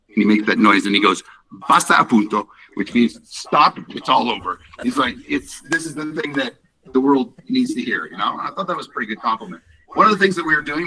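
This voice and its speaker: A man walks listeners on a call through his company's products in a loose, upbeat way, stopping and restarting often. His voice is very bright and sounds a little distant from the mic. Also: fairly low pitch, slightly rough. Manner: rambling, upbeat, many restarts and fillers. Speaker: company founder presenting products. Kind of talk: casual business presentation on a call.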